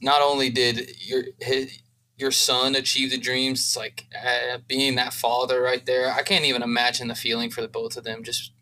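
A man's voice: mid-range voice, flat delivery, moderate pace, bright, forceful tone, slight background noise, poor audio. A young man co-hosting a podcast, talking in a casual, earnest, emotional way. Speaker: podcast co-host. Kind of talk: casual chat.

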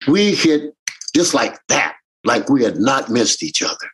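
Husky man telling stories. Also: mid-range voice, measured pace, poor audio. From Jamaican American. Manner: animated, acts out quoted voices. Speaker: reggae bandleader. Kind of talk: casual interview storytelling.

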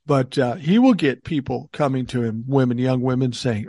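An older man hosting a podcast, telling stories in a lively, animated way, acting out voices and swearing casually. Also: mid-range voice, moderate pace, dry recording, studio quality. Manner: animated storyteller, acts out quoted voices, swears. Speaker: podcast host. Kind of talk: casual chat.

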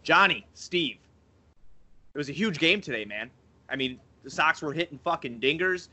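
Brief: giggly, profane male podcast co-host, slightly drunk, sharp bright tone. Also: on the high side, expressive, normal speed. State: tipsy. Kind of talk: casual sports podcast chat.

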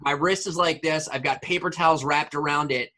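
A man's voice: fairly high pitch, brisk. A man in his forties telling a rambling story in a casual chat, full of fillers. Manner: rambling, filler-heavy, animated retelling.

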